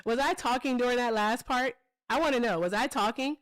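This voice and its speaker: A woman's voice: a little high, fairly quick. A woman hosting a live call-in political debate stream, combative and mocking, repeating her points. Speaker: livestream political debate host.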